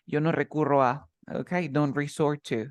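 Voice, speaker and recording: A man's voice: fairly high pitch, fairly even intonation, normal speed, clear, resonant tone, dry recording. A man teaching English, patiently explaining words and stress while switching between English and Spanish. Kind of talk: bilingual English lesson.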